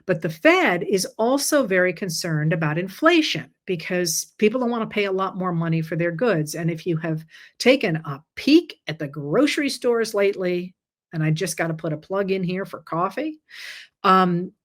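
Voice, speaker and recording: Tired woman with a low voice explaining things. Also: lively intonation, normal speed. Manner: conversational, explains step by step. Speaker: host. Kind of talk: casual explainer chat.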